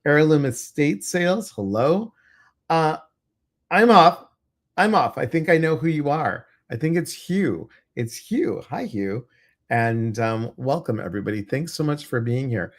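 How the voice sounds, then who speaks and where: A man's voice: on the high side, animated, a little slow. A man hosting a livestream podcast, chatting casually and greeting viewers by name. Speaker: podcast host.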